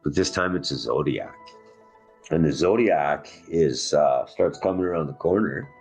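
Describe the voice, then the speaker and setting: Over soft background music, a man with a very deep, husky voice and a darkish tone emotionally narrates his own survival story at a moderate pace. It's raw and intense, his voice climbing and falling with feeling.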